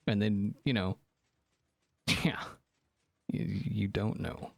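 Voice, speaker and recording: A man's voice: medium pitch, slow, creaky, pauses often, no room sound. A man chatting casually on a live stream, joking around and reacting to viewers' comments. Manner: animated, joking, reacting to chat.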